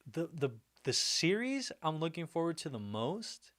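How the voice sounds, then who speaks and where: A man with a fairly high, sing-song, fairly bright voice hosts a laid-back livestream, speaking a little slowly. He rambles along in an upbeat mood, answering viewer comments amiably, with lots of restarts and "like."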